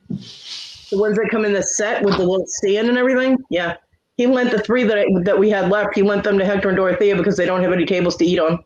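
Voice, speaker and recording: A man hosting a casual livestream chat, venting in a profane, aggrieved way. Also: high-pitched. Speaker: livestream host. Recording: dull lo-fi stream audio.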